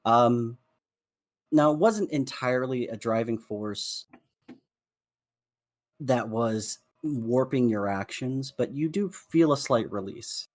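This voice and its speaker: Man, dungeon master, slow hushed narration, middle pitch. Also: dry recording. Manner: hushed, drawn-out storytelling with soft fillers. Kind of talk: slow descriptive game narration.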